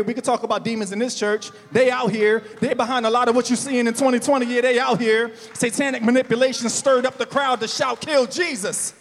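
A male pastor preaching a sermon, building to shouts and slowing down for emphasis. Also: extremely high pitch, big-room sound.

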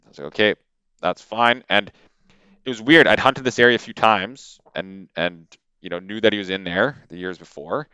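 Low-voiced man, animated storyteller. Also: moderate pace, clean tone, dry recording. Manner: animated, with many fillers and repeated words. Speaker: podcast guest. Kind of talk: casual storytelling. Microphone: podcast microphone.

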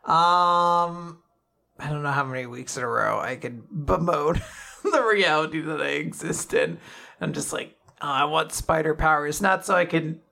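A man's voice: fairly high pitch, measured pace, vocal fry, bright, forceful tone. A man co-hosting a podcast in casual chat, joking and laughing often. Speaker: podcast co-host.

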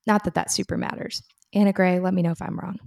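A woman's voice: lowish voice, flat delivery, fast talker, creaky, darkish tone. A woman co-hosting a podcast in casual chat, eagerly adding details to her friend's story. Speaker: podcast co-host.

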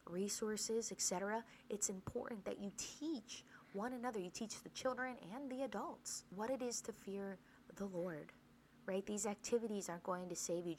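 A woman's voice: medium pitch, a little mellow, slight background noise, rough recording. A woman teaching a podcast Bible study in an earnest way, often asking rhetorical questions and checking in with "right?".

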